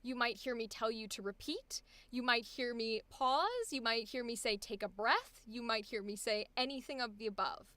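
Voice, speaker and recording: A woman's voice: on the high side, steady tone, normal speed, few pauses, sharp tone, dry recording. A young woman coaching voice acting on a live stream, chatty and exclamatory with frequent laughter.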